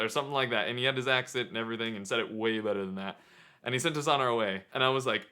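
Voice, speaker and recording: A man vlogging, telling a self-deprecating story in an animated, casual way. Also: mid-range voice, clear, resonant tone. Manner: animated, self-deprecating, quick to act out scenes.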